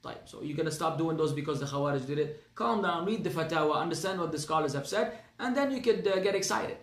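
Earnest high-voiced man with an Arabic accent. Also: animated, quick pace, fairly bright tone, roomy sound. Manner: earnest, emphatic, repeats phrases, mixes in Arabic. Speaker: Islamic teacher. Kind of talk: religious class lecture.

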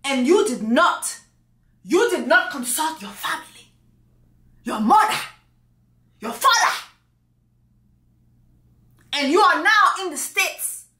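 Indignant African mom scolding her son, high-pitched, echoey room, a woman doing the voice. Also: sing-song, slow, pauses often, pushed and bright, full character voice. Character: stern middle-aged African mother, outraged.

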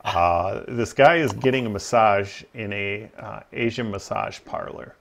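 With a fairly low, gravelly voice at a measured pace, a male livestream host chats casually about gaming, a faint hiss or hum in the background. He rambles, says um often, and laughs at his own stories.

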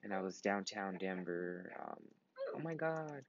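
A man's voice: low voice, lively intonation, measured pace, dull audio, crowd noise. A tired young man in his twenties giving rambling, casual commentary while playing a computer game, swearing often and breaking into sudden outbursts. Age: 20s. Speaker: gaming vlogger.

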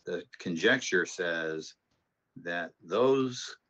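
A math instructor with a very low, deep voice draws out his words, relaxed and conversational as he rambles through anecdotes and then eases into explaining the material. The audio is muffled and lo-fi, like a recorded online class.

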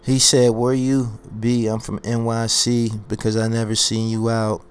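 A man's voice: mid-range voice, completely flat delivery, measured pace, smooth. A man ranting on his own commentary channel, boastful and confrontational, hammering his points by repeating phrases. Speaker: YouTube commentary host.

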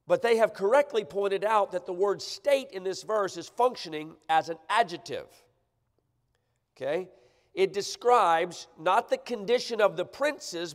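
A man preaching a sermon, emphatic and often checking in with the congregation. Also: a little high. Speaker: pastor. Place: church sanctuary. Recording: church livestream with long hall reverb.

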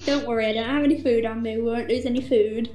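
A woman's voice: a little high, steady tone, quick pace, mellow. A woman playing an online game with a friend, giving playful orders and teasing her. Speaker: gamer. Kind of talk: casual gameplay chat. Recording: roomy voice chat with faint game music.

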